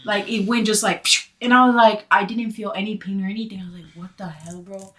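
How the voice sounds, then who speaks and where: A woman's voice: mid-range voice, quick pace. A woman guest on a podcast, telling a story in casual, profane chat, full of fillers. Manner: animated, profane, heavy use of "like".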